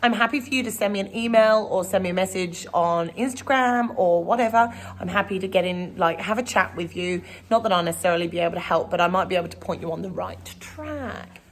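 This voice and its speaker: A woman's voice: on the low side, brisk, few pauses. Chatty woman vlogging. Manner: chatty and rambling. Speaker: horse trainer. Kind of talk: casual vlog talk to camera. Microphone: camera.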